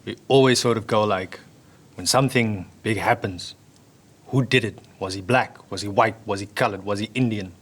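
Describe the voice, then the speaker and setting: A man's voice: lowish voice, slightly rough. A man, a guest in a casual conversation, speaking candidly and bluntly. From South Africa. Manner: candid, blunt, quick asides.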